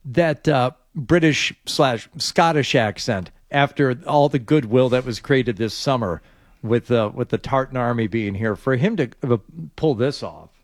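A man's voice: medium pitch, a little slow, no echo. A man co-hosting a casual chat, making dry, wry remarks.

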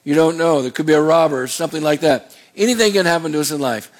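A man's voice: on the high side, fast. A middle-aged man preaching a sermon as a pastor, in a conversational way with rambling asides.

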